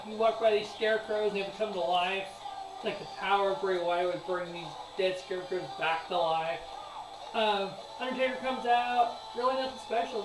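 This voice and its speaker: Profane, rambling man in an echoey room. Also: high-pitched. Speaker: sports show host. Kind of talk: casual wrestling event review. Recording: echoey room, distant mic, music behind.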